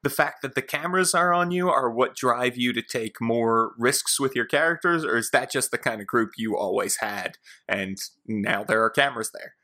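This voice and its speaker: A man's voice: mid-range voice, animated, normal speed, few pauses, bright, forceful tone. A man interviewing a guest in a casual conversation, friendly and using "you know" often.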